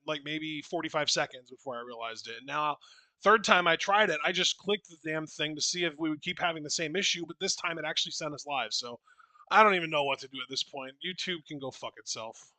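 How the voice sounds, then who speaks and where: A man's voice: fairly high pitch, sharp tone, no echo. A man co-hosting a podcast in casual chat, blunt and swearing freely. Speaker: podcast co-host.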